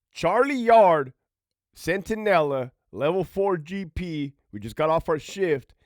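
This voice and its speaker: Animated, laughing storyteller man. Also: on the high side, dry recording, clean studio sound. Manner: profane, laughing often, animated. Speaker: former prison officer, storytelling vlogger. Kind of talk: casual storytelling monologue.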